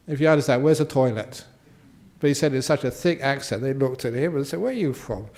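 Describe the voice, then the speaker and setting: A man's voice: medium pitch, darkish tone. An older man, a Buddhist monk answering questions in a humorous dharma talk, playfully acting out quotes and sound effects.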